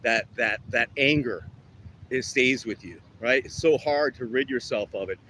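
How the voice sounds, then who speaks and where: A fitness vlogger rants profanely during an outdoor workout, winded between exercises as traffic passes. His mid-range voice is bright and forceful, a little slow, and his tone is heated and preachy.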